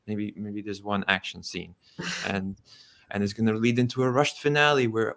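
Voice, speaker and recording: Dry, skeptical young man, lowish voice. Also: flat delivery, moderate pace, fairly bright tone. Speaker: podcast co-host. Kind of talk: casual movie review chat.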